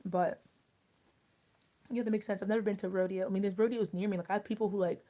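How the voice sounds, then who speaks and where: Mellow, rambling young woman streamer. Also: mid-range voice, fairly even intonation, fast talker. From Maryland, USA. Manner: rambling, filler-heavy, chatty. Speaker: livestream host. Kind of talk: casual livestream chat.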